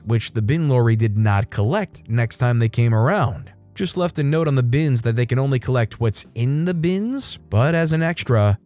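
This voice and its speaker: A man reading online stories aloud as a scripted narration, in a lively storytelling manner that briefly mimics the people in the stories. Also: medium pitch.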